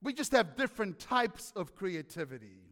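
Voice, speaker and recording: High-voiced preacher in an echoing hall. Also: male voice, normal speed. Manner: animated, asks the congregation questions. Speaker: pastor. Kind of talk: sermon.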